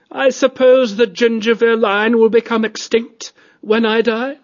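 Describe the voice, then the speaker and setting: A man narrating a storybook and voicing a cultured, disdainful male cat aristocrat with a high, reedy tenor voice. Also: flat delivery, slow pace, lo-fi sound. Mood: weary. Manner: fussy, disdainful, plummy.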